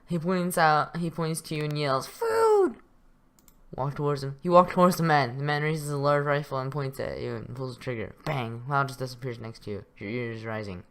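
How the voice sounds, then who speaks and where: A man's voice: mid-range voice, fairly even intonation, fairly quick, few pauses, fairly bright tone. Young male gaming YouTuber, chuckly casual read-through, trips on words. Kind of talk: reading a text game aloud with commentary.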